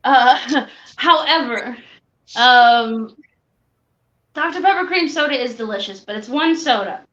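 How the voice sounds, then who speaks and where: A woman with a somewhat higher voice thinks out loud, taking her time over each point. She sounds echoey and a little muffled, as though in a bare room on a cheap mic. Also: lively intonation, a little slow. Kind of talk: casual podcast chat.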